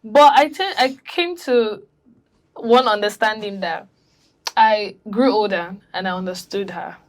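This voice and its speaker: A woman on a discussion panel, telling animated stories and acting out quotes from family. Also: mid-range voice, a little slow. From Africa. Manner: animated storytelling, acts out quotes. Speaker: panel guest.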